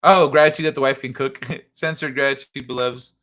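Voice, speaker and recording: Bright-voiced man hosting a late-night stream. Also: medium pitch, fairly even intonation, brisk. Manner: laid-back, chuckling, reading chat aloud. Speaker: livestream host.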